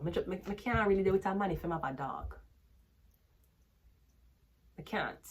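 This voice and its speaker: A tarot reader with a Jamaican accent and fairly low voice gives a casual reading. She's blunt and profane, laughs often, and drifts into patois-heavy stories.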